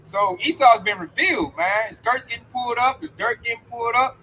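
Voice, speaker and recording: High, bright-voiced man in animated talk. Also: a little fast, slight background noise, poor audio. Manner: animated, slangy, drops into quoted voices. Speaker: discussion participant. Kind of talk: casual religious discussion.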